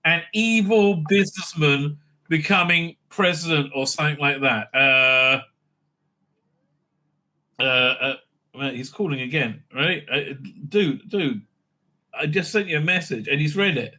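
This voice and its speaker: A man giving a casual, off-the-cuff TV review, rambling and halting, often tagging his points with a questioning "right?". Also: mid-range voice, sharp tone.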